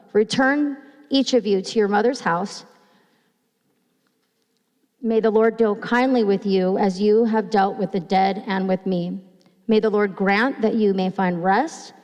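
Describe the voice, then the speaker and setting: A woman pastor giving a sermon in a church, reading scripture slowly and retelling it, sounding nervous and restarting phrases. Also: medium pitch, darkish tone. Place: church sanctuary. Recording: long hall reverb.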